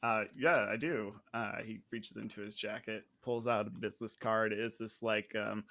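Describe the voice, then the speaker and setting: A man narrating a tabletop mystery game as game master, halting and full of fillers, laughing often. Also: fairly low pitch, monotone, fairly bright tone, no room sound.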